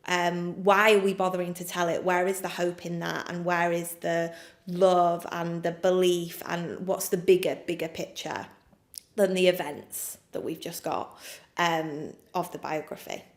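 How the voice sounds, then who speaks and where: English woman writer, candid interview, lowish voice, roomy echo. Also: steady tone, measured pace. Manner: chatty, frank, with many fillers and laughs. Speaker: playwright. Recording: echoey room.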